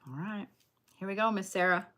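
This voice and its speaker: A woman's voice: medium pitch, brisk, pushed and bright, slight background noise. A woman doing a casual livestream card reading, blunt, chatty and full of swearing as she talks to viewers.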